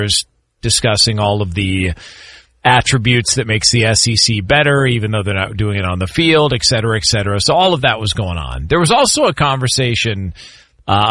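Brisk sports radio host, bright dry voice. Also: male voice, mid-range voice, no echo. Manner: brisk, steers the segment. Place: radio studio.

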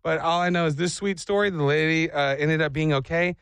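A man hosting a radio show, chatting and joking with animated energy. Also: on the high side, a little fast, vocal fry, clean tone, no echo. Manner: animated, joking, acts out voices. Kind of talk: morning radio banter.

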